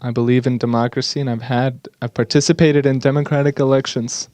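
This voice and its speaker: A man giving an earnest, slightly halting English voice-over interpretation of speakers at a conference. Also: medium pitch, level tone, a little mellow, no room sound.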